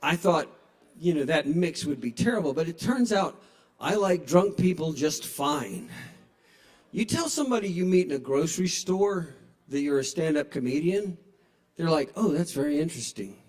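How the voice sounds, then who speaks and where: A man's voice: fairly high pitch, animated, normal speed, a little mellow. Wry older man doing stand-up. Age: 60s. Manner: wry, profane storytelling. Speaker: stand-up comedian. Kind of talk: stand-up comedy set. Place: small indoor bar.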